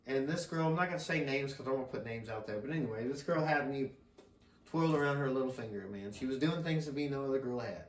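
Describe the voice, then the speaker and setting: A middle-aged father tells a rambling story on a podcast, laughing often and swearing freely. He talks fast at a medium pitch, and the distant mic gives a roomy sound.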